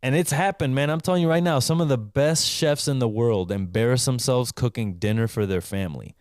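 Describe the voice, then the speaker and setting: A man's voice: medium pitch, fairly quick, darkish tone, no room sound, studio quality. A man who is a chef hosting a live call-in show, telling a kitchen story in casual, profane, emphatic talk and often asking "right?".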